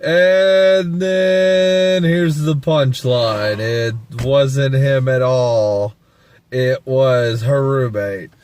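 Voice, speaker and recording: Easygoing male host on a film review chat, mid-pitched, peppers his talk with "like". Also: fairly even intonation, drawn-out words, darkish tone, clean tone. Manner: laid-back, hedging with "like", casual swearing. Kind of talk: casual movie review chat.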